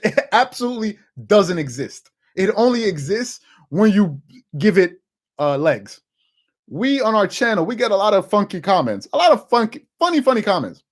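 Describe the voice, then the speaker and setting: A man hosting a live sports talk stream, his pitch swinging widely as he gets worked up over the numbers. He talks loosely, doubling up on words and breaking off to answer the chat. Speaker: sports talk show host.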